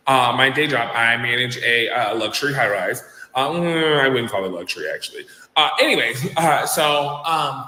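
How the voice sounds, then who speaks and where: Bright-voiced man telling a story, echoey. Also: a little high. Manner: rambling, acts out quoted dialogue. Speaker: guest telling his story. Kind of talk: storytelling in a video clip. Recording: echoey room with long reverb.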